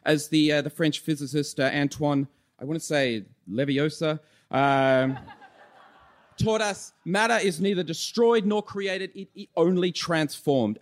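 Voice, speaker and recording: A man gives a live comic debate speech in a mock-earnest tone. He rambles and stumbles on purpose, with a voice sitting a touch high. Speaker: comedy debater.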